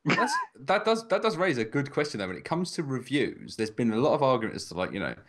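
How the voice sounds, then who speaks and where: A man's voice: mid-range voice, big pitch swings, fast. A man hosting a casual podcast, joking and rambling with the odd swear. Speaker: podcast host.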